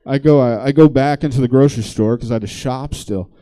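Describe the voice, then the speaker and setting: A man on a comedy stage tells a rambling story, loose and conversational with plenty of swearing. His voice is mellow and dark, at an ordinary middle pitch. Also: fast. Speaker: stand-up comedian. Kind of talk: stand-up storytelling.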